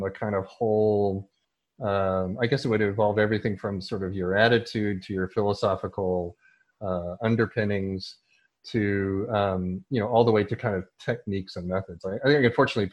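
Animated husky man talking about teaching. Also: lowish voice, brisk, dull audio. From United States. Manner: animated, restarts often, acts out his own thoughts. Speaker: teacher and soccer coach. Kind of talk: casual interview answer.

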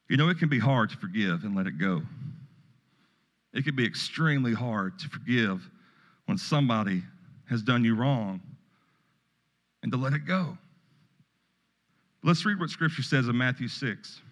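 A man's voice: mid-range voice, fairly bright tone. A middle-aged male pastor giving a sermon in a folksy, conversational way, with storytelling asides. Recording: long reverb of a hall.

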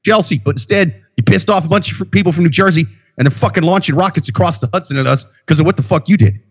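A man's voice: fairly high pitch, quick pace, breathy edge. A man from Iowa co-hosting a podcast, talking in casual, profane banter full of stammered restarts. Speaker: podcast co-host.

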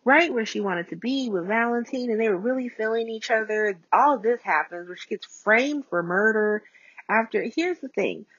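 A woman hosting a casual solo podcast, recapping with chatty, profane asides and big swings in pitch, recorded as phone voice notes. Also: animated, moderate pace, a bit bright, breathy edge, dry recording. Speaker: podcast host. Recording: dull lo-fi voice note.

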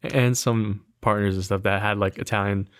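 A man's voice: on the low side, moderate pace, smooth, no room sound, studio quality. A man chatting casually on a podcast, replying briefly and teasing his co-host between laughs. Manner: relaxed, teasing listener with short replies and laughs. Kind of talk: casual chat.

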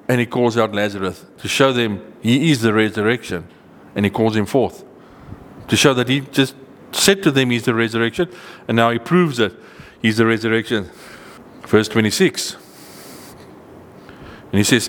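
A man preaching a sermon, reading old-style scripture verses slowly and stressing key words with rising pitch. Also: a bit bright, big-room sound. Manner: earnest, emphatic, rises in pitch on key points, slows to read verses.

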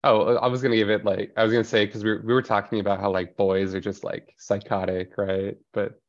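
A woman's voice: extremely low pitch, flat delivery, a little fast, lo-fi sound. A young woman co-hosting a casual chat, joking around and acting out lines in mock voices. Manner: jokey, acts out quoted bits, laughs. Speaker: podcast co-host.

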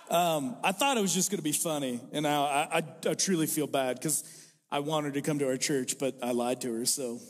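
A male pastor preaching a sermon in a church, mixing self-deprecating jokes with his message. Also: a little high. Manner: self-deprecating, joking storyteller. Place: church sanctuary. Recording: reverberant hall.

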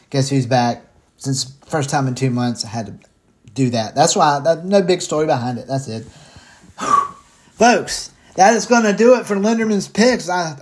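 A man's voice: a little high, darkish tone. A man hosting a casual football picks show from home, rambling and swearing casually, short of breath as he talks. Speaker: sports picks host. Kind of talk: casual sports betting talk.

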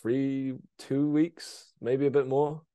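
A man's voice: medium pitch, flat delivery, takes it slowly, dark tone, clean tone, dry recording, clean studio sound. A young man in casual chat, telling a long injury story with lots of fillers and swearing. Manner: rambling storyteller, swears a lot, many fillers. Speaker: guest, BMX rider.

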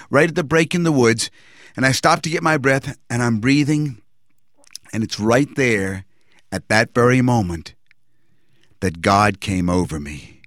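A man telling a personal religious testimony in an earnest, reflective way, pausing and restarting as he recalls events. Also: mid-range voice, no room sound, studio quality.

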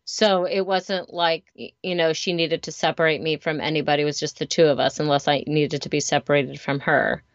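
A woman's voice: sits low, fairly even intonation, brisk, hardly any pauses, no echo. A woman, a parent and teacher, chatting candidly in a casual conversation and telling stories about home and work. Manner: candid, storytelling, chatty with fillers. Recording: slightly dull lo-fi sound.

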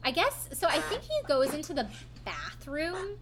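A woman's voice: sits high, big pitch swings, normal speed, crowd noise. A young woman co-hosting a podcast, casually recapping a reality show and swearing freely. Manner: casual, swears freely, retells scenes with quoted voices. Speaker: podcast co-host.

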